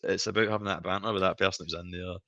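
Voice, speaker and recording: A man's voice: low voice, fairly even intonation, rapid-fire, bright, forceful tone, no echo, muffled recording. A Scottish man in his thirties hosting a casual live stream chat, telling stories animatedly and laughing often. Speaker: stream host.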